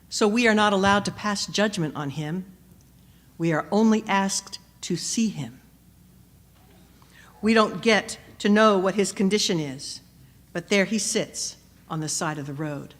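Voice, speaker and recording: A woman preacher delivering a sermon, measured and questioning, rising to emphatic peaks and dropping soft. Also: mid-range voice. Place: church. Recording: long church reverb.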